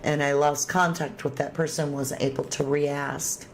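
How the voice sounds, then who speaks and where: A woman with a deep, fairly flat voice speaks a little slowly while hosting a true crime livestream, with slight background noise. She reads viewer comments aloud, chats casually, and thanks viewers using terms of endearment.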